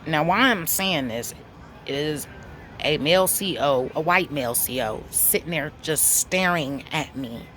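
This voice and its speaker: A woman, telling a story to camera in a blunt, profane, animated way. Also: low voice, unhurried, slight background noise. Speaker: vlogger.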